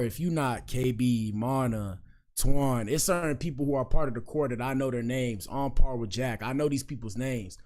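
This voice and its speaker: A man's voice: medium pitch, darkish tone. Laid-back young man hosting casual commentary. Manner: laid-back, repetitive slang, says "bro" a lot. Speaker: commentary show host.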